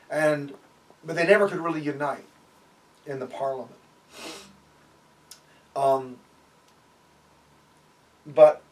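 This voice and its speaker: A man's voice: fairly high pitch, darkish tone, distant mic. A man giving a sermon and telling stories, with frequent fillers and acted-out quotes. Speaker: preacher.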